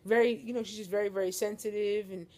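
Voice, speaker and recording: A young woman talks to her viewers from a couch at home in an easy, joking way, calling them y'all. Her pitch sits in a middle range for a woman, and the talk is loose and playful. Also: steady tone, fast talker, a little mellow. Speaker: vlogger. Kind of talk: casual chat to camera. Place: living room couch at home.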